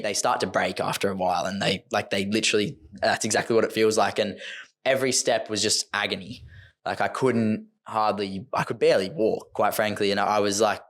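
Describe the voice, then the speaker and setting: A man's voice: lowish voice, a bit bright. A man, an ultra runner who tells his story loosely and rambles on a podcast. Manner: loose, rambling, full of "like" fillers. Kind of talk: casual podcast conversation.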